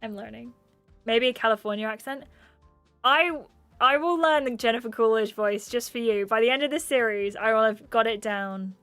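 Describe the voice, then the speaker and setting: A young woman with an English accent chats with her livestream viewers in a bubbly, talkative way. Her voice sits a little on the high side. She is recorded close and dry, with faint game music behind her. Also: a bit bright, no room sound. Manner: bubbly and chatty, quick laughs and gasps. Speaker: gaming streamer. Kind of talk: casual livestream chat, reading out viewer comments.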